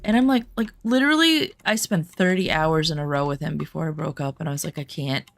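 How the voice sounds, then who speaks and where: A woman talks casually while playing a game, drifting from quiet murmurs into chatty, rambling stories. Her voice sits low with a gravelly, fry-laced edge. The sound is close and dry, with no room around it. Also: fast talker, no room sound. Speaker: gaming streamer. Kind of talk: casual chat while gaming.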